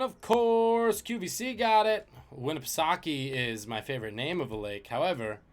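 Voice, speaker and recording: A man's voice: fairly high pitch, normal speed, hardly any pauses. A man hosting a live-streamed trivia game, joking and chatting with viewers between questions.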